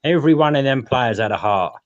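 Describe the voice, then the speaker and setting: A man's voice: mid-range voice, animated, quick pace, no echo. A man calling in to a fan show, blunt and emphatic. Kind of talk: casual chat. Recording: dull lo-fi line.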